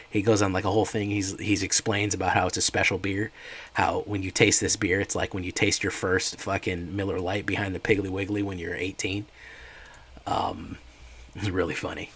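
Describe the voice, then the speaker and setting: A man's voice: low-pitched, flat delivery, brisk, fairly bright tone, breathy edge. A man streaming a card game, chatting in a laid-back, rambling way with his viewers. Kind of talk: casual gameplay chat.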